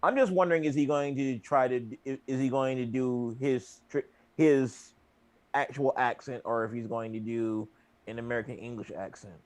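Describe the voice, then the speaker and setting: A man's voice: medium pitch, normal speed, a little mellow, dry recording. A man co-hosting a casual chat, dropping short wry interjections. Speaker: co-host.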